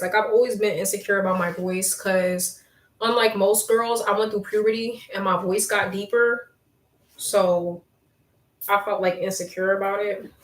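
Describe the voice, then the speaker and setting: A young woman hosting a casual livestream from home, reading viewer comments and chatting, with a strong voice that has some bass to it. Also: distant mic. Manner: chatty, reads viewer comments aloud, laughs often. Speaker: livestream host. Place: room at home. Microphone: laptop mic. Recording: echoey room, talking from off the laptop mic.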